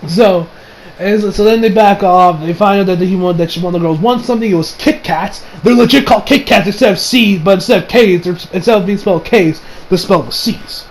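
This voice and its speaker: High-voiced man rambling through a recap. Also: brisk, rough recording. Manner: rambling, profane, self-correcting. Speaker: anime reviewer. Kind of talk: casual episode recap.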